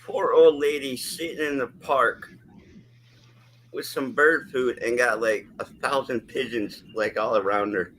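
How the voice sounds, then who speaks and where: A man's voice: mid-range voice, fairly even intonation, measured pace, fairly bright tone, low-quality recording. Easygoing man with faint background hiss. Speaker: guest. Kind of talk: casual chat.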